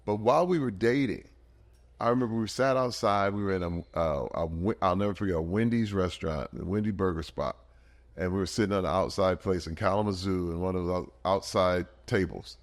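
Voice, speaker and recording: Low-voiced guy in his 50s telling his life story on a podcast, earnest, gets all animated. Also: brisk. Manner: earnest, animated storyteller with big swings in pitch and energy. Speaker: podcast guest. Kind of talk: emotional personal storytelling.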